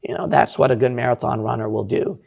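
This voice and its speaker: A male preacher delivering a sermon, pressing his listeners with one rhetorical question after another. His voice is deeply gravelly and rough, with a husky, unclear edge, sitting at an ordinary pitch for a man. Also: flat delivery, fast talker, a little mellow. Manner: exhorting, repetitive rhetorical questions.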